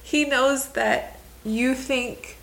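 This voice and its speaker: A woman hosting and preaching a devotional teaching, fervent and emphatic, talking straight to the listener and swinging between soft words and exclaiming. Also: high voice, steady tone, extremely slow. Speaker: host and preacher.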